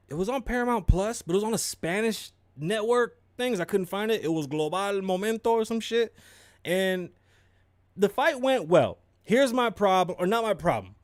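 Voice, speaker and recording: A young man hosting a podcast, giving animated, profane sports commentary and mocking people in put-on voices. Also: high-pitched, no room sound. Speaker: podcast host. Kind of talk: casual commentary.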